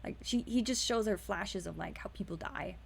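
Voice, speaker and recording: A woman's voice: medium pitch, normal speed, creaky, slight background noise. A woman streamer casually recapping a story, rambling with restarts and swearing.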